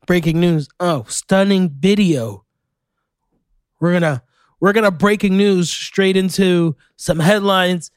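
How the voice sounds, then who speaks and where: A man from Florida hosts a solo podcast in a high-pitched, excitable voice, swearing freely as he riffs on the news. The recording is dry and close, with no room sound. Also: takes it slowly, smooth, no room sound. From Orlando, Florida, USA. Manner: excitable, profane ranting. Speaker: podcast host. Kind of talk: casual solo podcast commentary.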